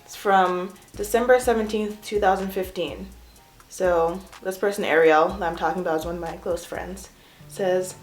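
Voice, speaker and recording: A woman's voice: lowish voice, fairly even intonation, normal speed, soft background music. A young woman giving a casual, self-mocking tour of her home art studio, chatty and giggly. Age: young adult. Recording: echoey room.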